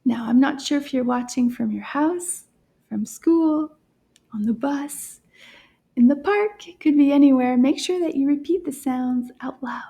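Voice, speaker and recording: A woman teaching a children's French lesson in soft, encouraging tones, often dropping into a half-whisper and pronouncing each word slowly and clearly. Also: sits high.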